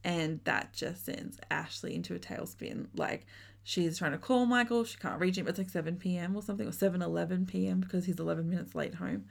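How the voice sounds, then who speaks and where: A woman's voice: fairly low pitch, fairly quick, gravelly. A woman co-hosting a podcast, chatting casually and swearing as she recaps a reality show. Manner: chatty, swearing, laughing often. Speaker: podcast co-host.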